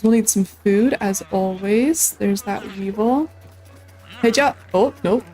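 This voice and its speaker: A woman casually commentating her survival game playthrough, chatting to the creatures on screen and breaking into excited yelps. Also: fairly high pitch, moderate pace, creaky, soft background music, rough recording. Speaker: gameplay streamer. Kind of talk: casual let's-play commentary.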